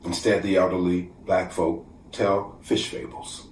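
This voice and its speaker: A man reading his own poetry at a measured, deliberate pace, sometimes sinking to a near whisper. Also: deep voice, little pitch movement. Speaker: poet. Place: room at home, virtual festival. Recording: echoey room, distant from mic, faint background noise.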